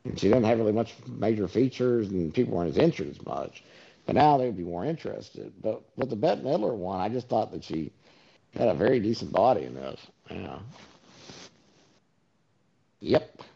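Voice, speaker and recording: A man's voice: on the low side, animated, normal speed, gravelly, dark tone, husky. A man telling stories in a casual, rambling monologue, full of fillers and swearing. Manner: rambling storyteller, many fillers, profane asides. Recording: dull lo-fi recording.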